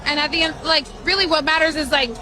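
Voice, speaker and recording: A woman's voice: sits high, fairly even intonation, quick pace, crowd noise. A woman answering a street interview outdoors, rambling hesitantly with many fillers.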